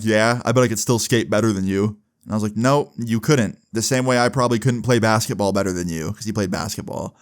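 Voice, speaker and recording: A young man with a fairly low voice tells a storytime straight to his viewers. He talks loosely and swears a lot, filling his sentences with "like" and "bro". His delivery is relaxed, the way he would chat with a friend. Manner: casual and profane, heavy on fillers like "like" and "bro". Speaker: vlogger. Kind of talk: casual storytime monologue.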